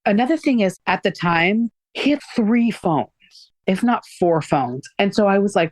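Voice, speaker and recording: A woman's voice: mid-range voice, lively intonation, moderate pace, few pauses, dry recording. A woman recounting a personal experience in a candid, conversational way, often using "like" and acting out what people said. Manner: conversational, frequent "like" fillers, acts out quoted dialogue. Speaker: guest recounting her experience.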